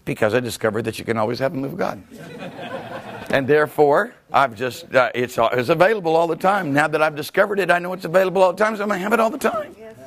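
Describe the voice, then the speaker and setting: A man, a pastor, preaching a teaching sermon with animated storytelling, laughing often and breaking into shouts. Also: fairly high pitch, fast.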